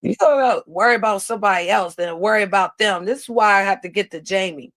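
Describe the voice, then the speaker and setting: A woman's voice: medium pitch, fast, a bit bright. Blunt, sarcastic woman livestream host. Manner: blunt, sarcastic, laughs often, reads chat aloud. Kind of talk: casual livestream chat.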